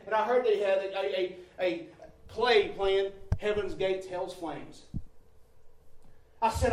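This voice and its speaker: Man, fairly high voice, sermon testimony, emphatic, very echoey hall, mic far off, faint noise. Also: steady tone, unhurried. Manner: emphatic, swings from quiet to near-shouting; addresses listeners as brother and sister. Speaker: preacher giving testimony.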